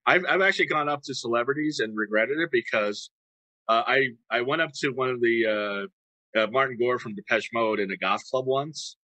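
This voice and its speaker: A male host with a bright, forceful voice chats in an easygoing way with his guest. The sound is dry and close, with no room sound. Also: medium pitch, brisk, dry recording, rough recording. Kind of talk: casual chat.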